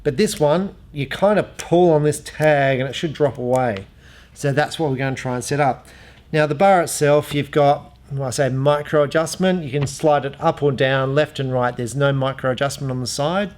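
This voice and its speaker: A man's voice: mid-range voice, moderate pace, a little mellow. A man who runs an archery shop, casually demonstrating an arrow rest and rambling through customer stories. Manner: chatty, rambling storyteller. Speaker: archery shop owner reviewing gear. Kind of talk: casual product demo.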